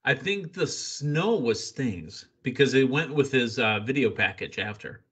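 A man's voice: mid-range voice, expressive, a little slow, fairly bright tone, husky. A man hosting a wrestling podcast, casually running through show recaps with playful quips. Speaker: podcast host.

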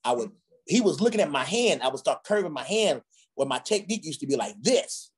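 A man from Ghana, a drummer, tells childhood stories in a relaxed conversation. His voice is a little husky, and his pitch swings lively up and down as he acts out the people in his tales. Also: a little fast. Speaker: guest drummer. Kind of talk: storytelling in a conversation.

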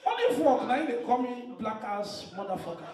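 A man from Nigeria with a Nigerian Pidgin English accent, doing stand-up comedy, swinging from shouted punchlines to low asides. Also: very animated, moderate pace, recorded from a distance. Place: live comedy stage. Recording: echoey venue heard from off mic. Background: laughing audience.

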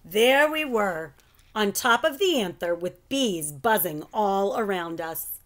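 A woman reading a children's storybook aloud, with slow, expressive storytelling. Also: mid-range voice. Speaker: storybook reader. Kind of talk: children's read-aloud narration.

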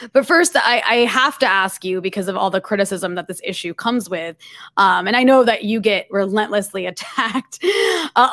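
A woman hosting a podcast, framing long, winding questions and adding fillers along the way. Her voice has an ordinary middle pitch. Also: fairly bright tone. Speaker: podcast host. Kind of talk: podcast interview.

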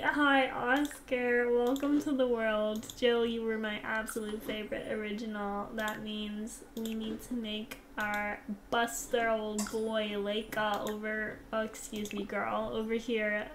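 A young woman casually commenting on a game she plays, gushing and excitable, dropping now and then into soft whispers. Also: on the high side, slight background noise. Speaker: gaming channel host.

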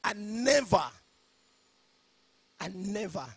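A man preaching a sermon, shouting his points and slipping into a sing-song cadence. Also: high-pitched, lively intonation, slow, husky, dry recording. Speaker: pastor.

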